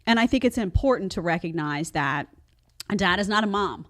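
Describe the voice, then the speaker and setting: A woman's voice: mid-range voice, animated, fairly quick, fairly bright tone. A middle-aged woman hosting a podcast, talking in an emphatic, chatty way as she comments on a clip. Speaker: podcast host. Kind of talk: casual social commentary.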